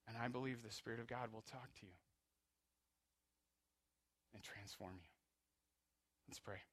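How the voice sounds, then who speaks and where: A male pastor delivering a sermon, with passionate swings from quiet, low passages to loud, high-pitched peaks. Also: a little slow, long pauses, slightly rough.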